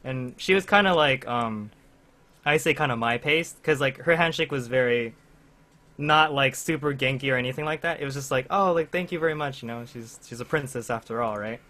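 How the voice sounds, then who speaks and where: Bright and forceful at a medium pitch, the young co-host's voice moves at a moderate pace. He's just chatting with his friends on the podcast, telling a rambling story with plenty of fillers and laughing along the way.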